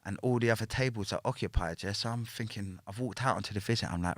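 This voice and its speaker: This former prisoner, a podcast guest, talks fast in a lowish voice while telling a story. His casual speech is full of slang and tags such as "yeah?" and "innit", captured with clean studio sound and no room sound.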